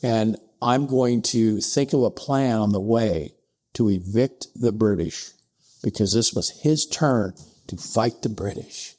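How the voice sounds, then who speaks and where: A man telling a historical story as a podcast guest, acting out the dialogue with sudden rises in pitch. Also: takes it slowly, darkish tone. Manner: acts out dialogue with pitch jumps, asides like "I'm paraphrasing". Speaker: podcast guest, distillery co-founder.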